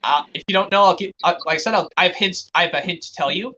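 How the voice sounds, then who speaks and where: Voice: mid-range voice, fast talker, sharp tone, muffled recording, a little hiss or hum. A stream host talking casually and rambling, with frequent restarts. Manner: chatty, rambling, restarts often. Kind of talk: casual chat on a live stream.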